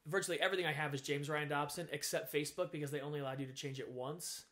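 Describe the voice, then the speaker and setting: Animated man telling a personal story. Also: a little high, racing. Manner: animated, acts out quoted voices, frank. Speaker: guest sharing his story. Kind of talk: candid storytelling conversation.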